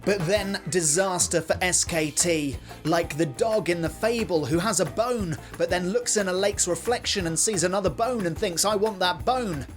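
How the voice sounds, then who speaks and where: A man's voice: sits high, normal speed, few pauses, faint music behind. Man doing mock-hyped esports commentary. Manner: mock-hyped, absurd asides. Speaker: comic esports caster. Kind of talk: scripted comedy commentary.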